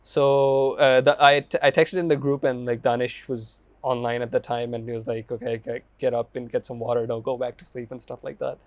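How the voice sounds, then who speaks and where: A young man hosting a casual chat, jumping in quickly and laughing along. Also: mid-range voice, level tone, no room sound. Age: young adult. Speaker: podcast host.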